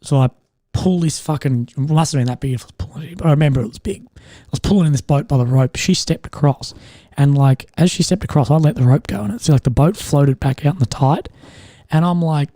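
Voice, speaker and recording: A man's voice: a little high, brisk, dark tone, no echo, clean studio sound. A young Australian man hosting a live stream, telling rambling stories in a laid-back way, swearing a lot and filling gaps with likes and ums. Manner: laid-back, heavy swearing, lots of fillers. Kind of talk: casual storytelling.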